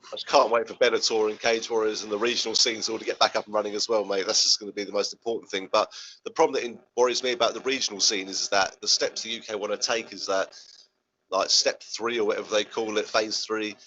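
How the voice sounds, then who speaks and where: A man's voice: fairly low pitch, little pitch movement, quick pace, bright, forceful tone, highs cut off. A man hosting a chat show, talking casually from his home balcony and calling his guest "mate" at every turn. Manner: chatty, says "mate" and "man" constantly. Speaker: podcast host.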